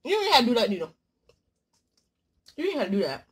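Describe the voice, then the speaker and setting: Animated woman chatting over a mukbang. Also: fairly high pitch, brisk, breathy edge. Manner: playful, dramatic swings from loud exclamations to murmurs. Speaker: mukbang vlogger. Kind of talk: casual chat while eating.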